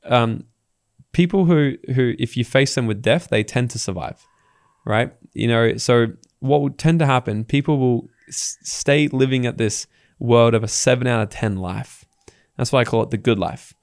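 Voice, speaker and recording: An Australian man guesting on a podcast, telling stories in a casual, animated way and acting out the people he quotes. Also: medium pitch, moderate pace, smooth, dry recording, clean studio sound. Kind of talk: casual interview talk.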